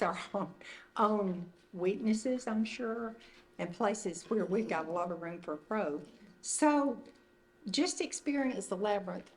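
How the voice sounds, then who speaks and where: Older woman leading a retreat talk. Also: medium pitch. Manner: conversational, loosely phrased, gentle. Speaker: retreat leader. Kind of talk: informal teaching talk. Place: indoor meeting room.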